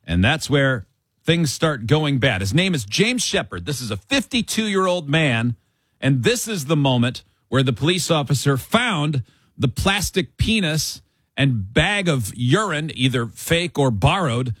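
A man hosting a radio talk show, telling a news story in a wry, animated way. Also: a little high, measured pace, slightly rough, no echo, studio quality.

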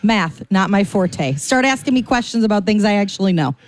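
A woman's voice: medium pitch, lively intonation, a little fast. A female radio co-host in a morning fundraiser chat, chatty and playful with a self-deprecating humor.

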